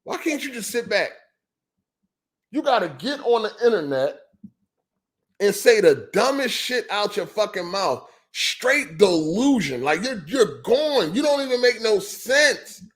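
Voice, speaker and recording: A man with a high-pitched voice rants on a gaming podcast, exasperated and incredulous. He swears freely, repeats his catchphrases and keeps circling back to the same point. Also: sing-song, a little slow, fairly bright tone. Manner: heated, profane and repetitive, full of "you know what I'm saying". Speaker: podcast host. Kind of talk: ranting gaming podcast monologue.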